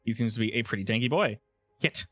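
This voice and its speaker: A man running a tabletop game as game master, narrating in a relaxed way with frequent restarts. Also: mid-range voice, fast talker.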